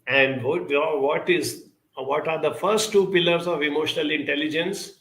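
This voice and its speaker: Guy with a gravelly, bright voice, talking slow and emphatic, kinda echoey room. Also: fairly high pitch, steady tone. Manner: measured, emphatic, frequent uh fillers. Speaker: speaker answering audience questions. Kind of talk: live talk on emotional intelligence.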